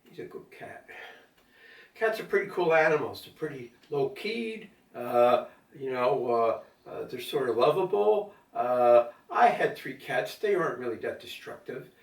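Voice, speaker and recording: A man's voice: mid-range voice, very animated, a little slow, gravelly. An older man talking casually at home in a rambling monologue, with lots of fillers and asides to his cat. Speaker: vlogger. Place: at home during a power outage. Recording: roomy echo, mic at a distance.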